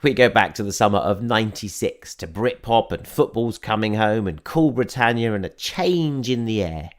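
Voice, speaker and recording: Guy doing a film review, kinda low voice, chatty and keen. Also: animated, moderate pace, soft background music. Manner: chatty, enthusiastic, wry. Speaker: film reviewer and podcast host. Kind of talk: scripted film review and interview intro.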